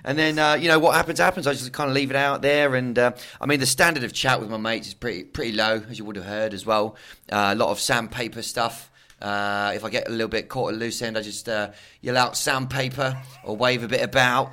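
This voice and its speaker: A man's voice: medium pitch, fairly even intonation, brisk, sharp tone, natural voice. A man voicing a boorish young male English cricket fan in an English accent, rambling through blokey banter.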